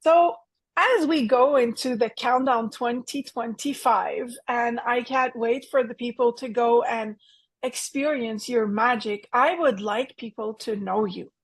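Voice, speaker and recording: A woman hosts an interview in a somewhat high, husky voice. She introduces her guest and asks questions eagerly. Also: a little slow. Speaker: interview host. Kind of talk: hosting an interview.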